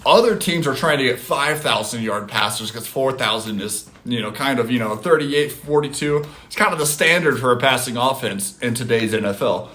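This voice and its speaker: A man at home talks to his chat over a phone mic, in an animated, loose way. He swears casually and reads viewers' comments aloud, replying as he goes. His pitch is average for a man. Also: moderate pace, few pauses. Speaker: streamer. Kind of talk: casual live-stream chat.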